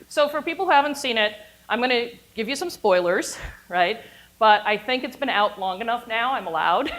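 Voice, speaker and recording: A woman lecturing on storytelling in a playful, animated way, laughing and cheering along with her own examples. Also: a little high, low-quality recording. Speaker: university teacher giving a workshop class.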